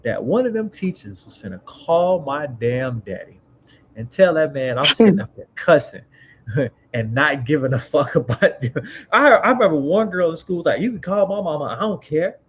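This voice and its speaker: A man co-hosting a casual podcast, telling family stories in an animated, profane way and acting out his relatives. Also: a little high, normal speed, slight background noise. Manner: animated, profane storyteller who acts out family members. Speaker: podcast co-host. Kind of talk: casual chat.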